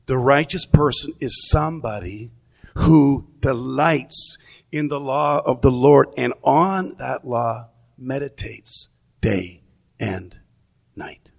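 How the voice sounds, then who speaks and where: A man's voice: mid-range voice, slow pace, gravelly. A man preaching a sermon in a conversational way, often repeating words as he thinks aloud. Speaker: pastor.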